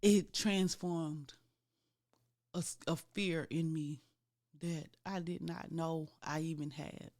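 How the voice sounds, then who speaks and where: A woman's voice: sits low, steady tone, slow, a little mellow. A woman in her thirties hosting a podcast, telling a candid, faith-filled personal story and talking straight to her listeners. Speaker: podcast host.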